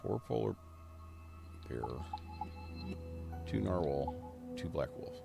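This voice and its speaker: A man giving casual gameplay commentary on a live stream, relaxed and rambling, coughing often. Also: sits low, takes it slowly, vocal fry, over loud music. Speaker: game streamer.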